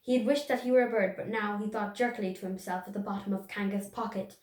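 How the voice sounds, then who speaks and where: A woman's voice: mid-range voice, fast, hardly any pauses. Young woman reading a storybook aloud. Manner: expressive, storytelling. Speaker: storybook reader. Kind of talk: reading aloud a children's book. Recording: roomy echo.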